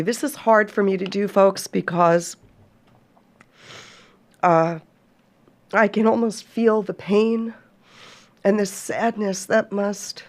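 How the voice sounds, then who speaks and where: A woman's voice: mid-range voice, darkish tone. A woman hosting a podcast, speaking earnestly and heartfeltly to listeners she calls folks and reading scripture aloud. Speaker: podcast host.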